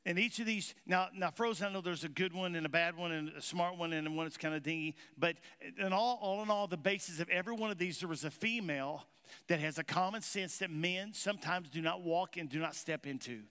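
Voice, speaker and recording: A male pastor with a drawl preaches in a folksy storytelling manner and keeps quizzing the congregation. His voice sits a little high for a man, and the sound trails off into a long, ringing church reverb. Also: fairly quick, pushed and bright, clear, resonant tone. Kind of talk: sermon. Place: church sanctuary.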